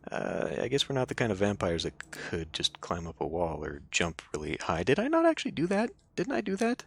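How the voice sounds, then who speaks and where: Deep-voiced man reading a game aloud. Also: wildly swooping pitch, a little fast, vocal fry, breathy edge. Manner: reads narration then breaks off into casual joking asides. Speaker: let's play streamer. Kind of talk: reading a visual novel aloud with asides.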